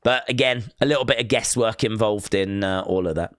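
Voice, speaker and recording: A man's voice: on the low side, brisk, no room sound, clean studio sound. A man hosting a casual live watch-along stream, chatting loosely and reading viewer comments aloud.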